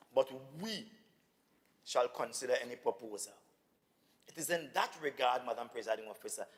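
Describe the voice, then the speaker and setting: A man, an assemblyman debating in a legislative chamber, speaking insistently and with indignation, often repeating himself. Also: medium pitch. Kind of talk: parliamentary debate. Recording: reverberant assembly hall.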